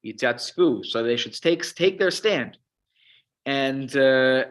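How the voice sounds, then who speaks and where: A man teaching a Torah class on the Psalms, his pitch fairly high and lively, swooping up and down as he explains each word. His voice is bright and forward, and he restarts his phrases often as he thinks aloud. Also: normal speed. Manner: animated, explains words, many restarts.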